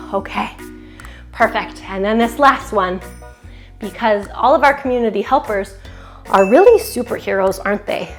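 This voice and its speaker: With faint music behind her, a young woman teaches kids' yoga in a fairly high, unhurried voice that pauses often. She's playful and encouraging, breaking into short chants between poses and making animal and siren noises.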